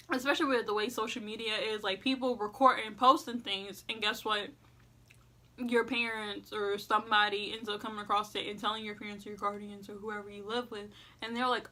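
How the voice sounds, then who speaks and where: A woman's voice: on the high side, fairly even intonation, brisk, sharp tone. A young woman giving casual advice in a vlog, chatty and full of fillers, eating as she talks. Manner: chatty, heavy use of "like" and "you know what I'm saying"; eating while talking. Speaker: vlogger giving school advice.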